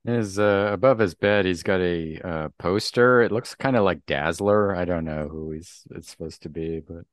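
A man co-hosting a podcast, talking about comics in a halting, thoughtful way with many fillers. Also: deep voice, no room sound, studio quality. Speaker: podcast co-host. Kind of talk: casual comic book discussion.

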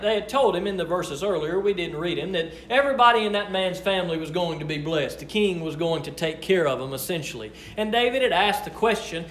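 A man leading a Bible study, reading verses and explaining them in a conversational, expressive way. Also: on the high side. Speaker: Bible teacher. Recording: echoey room, faint noise.

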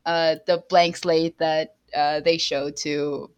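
A woman at a tabletop game with a lowish voice. She talks in halting bits, full of pauses, as she explains her character. Her tone stays casual throughout. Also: level tone, a little mellow, clear, resonant tone. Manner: hesitant, halting with fillers. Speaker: player.

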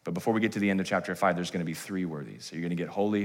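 A man preaching a sermon in church, reading scripture with slow dramatic emphasis and swinging from hushed to loud proclaiming. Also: low voice. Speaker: pastor. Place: church sanctuary.

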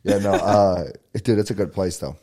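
A man's voice: low voice, steady tone, normal speed, mellow. A man hosting a podcast, teasing his guest in joking, casual banter. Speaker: podcast host. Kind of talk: casual chat.

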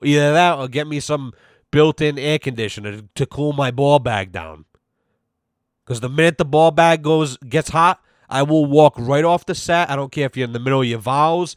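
A man's voice: on the high side, normal speed, no echo. Profane ranting podcast man, dry sound. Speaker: podcast host. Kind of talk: casual rant.

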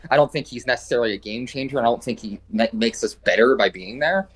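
A man's voice: mid-range voice, fast talker, breathy edge. A man co-hosting a football podcast, talking casually and hedging with lots of "like" and "I mean". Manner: hedging, many repeated "like" and "I mean". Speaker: podcast co-host.

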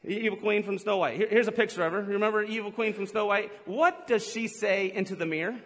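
A man with a bright, high voice preaches to a congregation in a big hall, his words trailing off into a long reverb. He talks in a playful, teasing way, cracking jokes and throwing in quick asides. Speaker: pastor. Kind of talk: humorous sermon. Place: large church hall with a live congregation.

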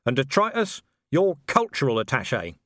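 A man's voice: medium pitch, wildly swooping pitch, moderate pace, a bit bright, dry recording, pitched above the performer's own voice. A man doing a blunt, weary watch commander. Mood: grumbling, wry. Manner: blunt, dry, impatient.

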